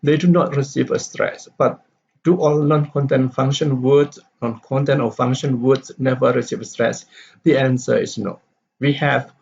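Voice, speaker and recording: A man explains word stress in a halting lecture, pausing often with fillers and restarting his sentences. His voice is husky. The recording sounds dull and lo-fi. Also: mid-range voice, fairly even intonation, a little mellow. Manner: halting, many fillers and restarts, reads example sentences aloud. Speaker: English teacher.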